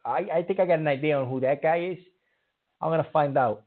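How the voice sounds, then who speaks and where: A man's voice: fairly high pitch, fast talker. A man hosting a call-in show who stammers and gets riled easily. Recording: tinny phone-like sound.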